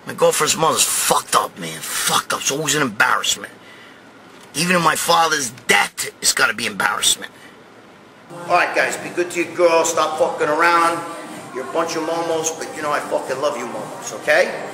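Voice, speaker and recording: Man, middle-aged, from new york, high-pitched, very bright, profane shouting storyteller. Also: lively intonation, moderate pace. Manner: loud, crude, swears constantly, shouts in bursts. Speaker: host. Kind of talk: profane storytelling rant to camera.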